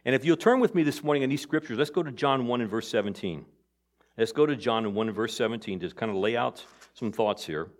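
A man's voice preaching in a church service, plain and mid-pitched. He talks as if to a familiar congregation, with loose restarts. He pushes key lines loudly and lets others fall soft and intimate. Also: animated, fairly quick. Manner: conversational preaching that swings between loud emphasis and quiet asides. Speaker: pastor. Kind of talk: sermon.

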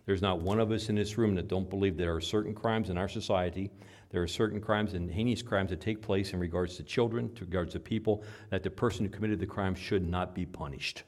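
A male pastor preaching a sermon to his congregation. He swings from hushed asides to loud, emphatic peaks. He drives his points home by repeating short phrases. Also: low-pitched, steady tone, a little fast.

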